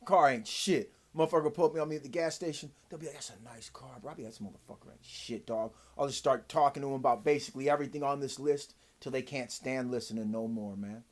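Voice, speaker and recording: This man's vlog is a fast, profane tirade aimed at the camera, with hardly any pauses. His heated delivery lurches from loud bursts to low muttering, all through a dry throat.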